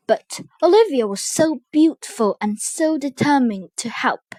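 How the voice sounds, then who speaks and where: A woman reads a children's storybook aloud with expressive, animated delivery. Her voice sits higher and she takes her time. The sound is close and dry. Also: a little slow, dry recording. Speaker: narrator.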